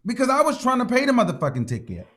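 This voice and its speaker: A man hosting a casual gossip commentary show, telling stories in an animated, profane, dramatic way. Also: very high-pitched, very fast. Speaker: host.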